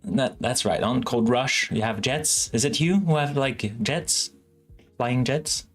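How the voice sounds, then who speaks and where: Slow, rambling male stream host. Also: mid-range voice, faint music behind. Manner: rambling, self-correcting, chatty with viewers. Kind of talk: casual live-stream chat.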